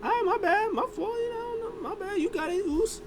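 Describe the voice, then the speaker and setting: A man impersonating a sheepish young male wrestler apologizing in a high voice. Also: fairly quick, noisy background.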